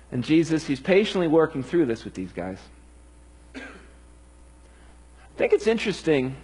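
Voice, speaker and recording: Husky-voiced man preaching earnestly. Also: a little high, poor audio. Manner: earnest, emphatic. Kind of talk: sermon.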